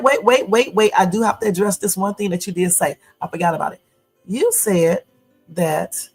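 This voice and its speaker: A woman in her fifties talks on a home livestream in a gravelly, husky voice. Her delivery is blunt and confrontational, loose and chatty with lots of fillers. Faint music plays in the background. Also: lowish voice, low-quality recording. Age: 50s. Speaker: YouTube livestream host. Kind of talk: casual livestream talk.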